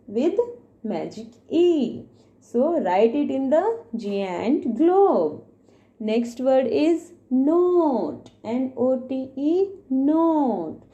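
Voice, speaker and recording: A woman's voice: sits high, sing-song, drawn-out words, dark tone, lo-fi sound. A woman teacher gives a phonics lesson to young children, spelling words out letter by letter and explaining patiently.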